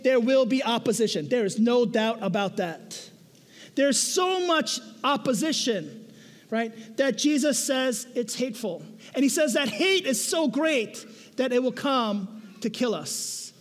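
A young man preaching in a very high voice, talking with his congregation more than at it and peppering each point with "right?". He tells stories with self-mocking humor. His voice rings with long reverb, as in a large hall. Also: measured pace. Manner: conversational, keeps asking "right?". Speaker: pastor. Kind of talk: sermon. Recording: echoey hall.

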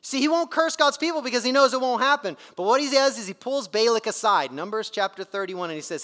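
A man's voice: very high-pitched, lively intonation, fast talker, hardly any pauses, fairly bright tone. A man preaching a sermon in an emphatic, conversational way, his volume rising and dropping sharply. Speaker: pastor. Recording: reverberant hall.

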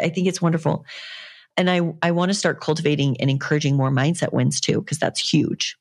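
A young woman hosts her own fitness podcast, talking on her own in a rambling, earnest and encouraging way. Her voice sits low, with a gravelly fry running through it. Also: steady tone, brisk. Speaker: fitness coach and podcast host. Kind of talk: casual solo podcast monologue.

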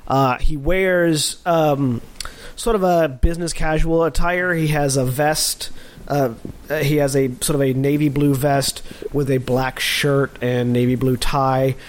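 A man introducing his tabletop character in a casual, halting way, full of fillers, restarts and jokes. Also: a little high, steady tone. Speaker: tabletop game player.

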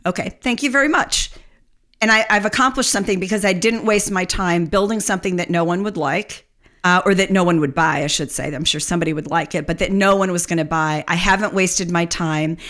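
A middle-aged woman speaking as a podcast guest, candid and animated and often breaking into laughter. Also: fairly low pitch, brisk. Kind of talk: candid conversational interview.

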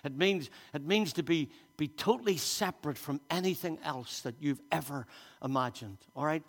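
A man's voice: a little high, moderate pace. A man preaching a sermon in a church, reading scripture aloud and speaking with emphasis, often repeating and restarting his words. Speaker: pastor. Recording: long reverb of a church hall.

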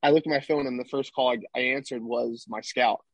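Young male athlete guest, husky, casual rambling storyteller, dry close sound. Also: medium pitch, steady tone, a little fast, no echo. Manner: rambling, tag questions like "right?". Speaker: podcast guest, baseball player.

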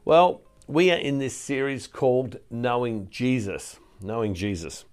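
A man's voice: mid-range voice, lively intonation, a little slow, darkish tone, smooth, faint music behind. An older man giving a recorded teaching talk as a Catholic preacher, speaking conversationally with frequent restarts and repeated words. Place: ministry centre studio.

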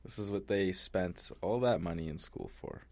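Laid-back low-voiced male podcast co-host. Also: moderate pace, a little mellow. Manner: laid-back, swears a lot, jokey. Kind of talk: casual podcast chat.

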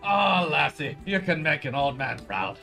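A man voicing a gruff, fatherly old dwarf warrior in a tabletop game. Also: fairly high pitch, very animated, unhurried, sharp tone, faint music behind, full character voice. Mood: proud.

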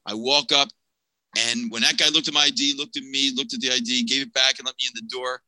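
Guy in his 50s telling a story, super bright voice, acts out everybody, really dry sound. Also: medium pitch, steady tone, quick pace, no room sound, rough recording. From Pennsylvania, US. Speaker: podcast guest. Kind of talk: personal storytelling.

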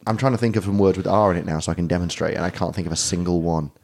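Deep-voiced rambling podcast host. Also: male voice, rapid-fire, a little mellow. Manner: rambling, jokey, swears casually. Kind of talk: casual podcast chat.

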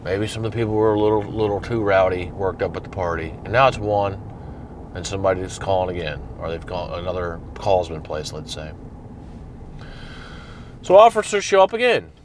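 A man's voice: low voice, expressive, brisk, background noise. A man telling a story in a blunt, profane, conversational way. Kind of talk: casual storytelling monologue.

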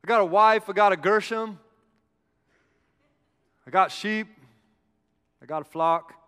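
Preacher voicing a whiny reluctant man, high pleading tone, hall reverb. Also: animated, unhurried, fairly bright tone, clear, resonant tone.

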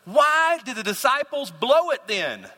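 A man with a high, very bright voice preaches a sermon, firing questions at his listeners. Now and then he acts out a panicked cry for help. His voice rings with the long reverb of a large hall. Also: unhurried. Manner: animated preacher, acts out panicked cries and asks the audience questions. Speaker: pastor.

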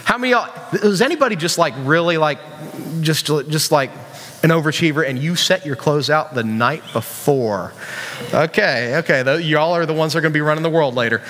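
A high-voiced man preaches to young people in a casual, joking way, often asking the crowd questions. His voice carries a long reverb from a church hall. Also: a little fast, a bit bright. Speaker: youth pastor. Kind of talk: sermon.

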